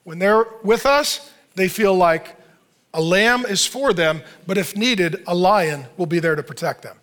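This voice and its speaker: A middle-aged man preaching a sermon in an animated, joking way. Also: high voice, unhurried. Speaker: pastor.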